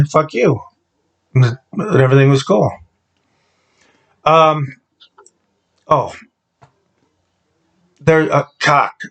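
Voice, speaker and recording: A man delivering a deadpan comedic monologue, halting and full of ums and restarts. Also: mid-range voice, rough recording.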